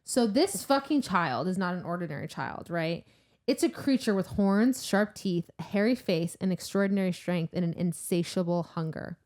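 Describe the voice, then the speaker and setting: A woman's voice: lowish voice, animated, moderate pace, a little mellow. A young woman co-hosting a casual book-club podcast, retelling the plot in a chatty way with lots of "like". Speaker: podcast co-host.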